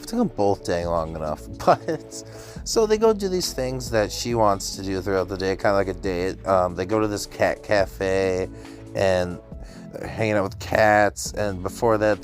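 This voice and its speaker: A man with a low voice talks through an anime episode in an easygoing, chatty way. He gets excited as he tells it and drops into brief voices for the characters. Faint music plays under him. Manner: excited, chatty retelling with laughs and quick quoted voices. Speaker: anime reviewer. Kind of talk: casual episode recap.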